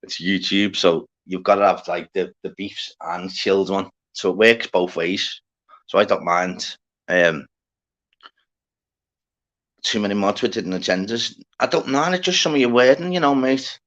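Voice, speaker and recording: Bloke hosting a livestream, lowish voice, rambly and slangy, swears a lot, chatting to his viewers. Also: moderate pace, a bit bright, dull audio. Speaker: livestream host. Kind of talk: casual livestream chat with viewers.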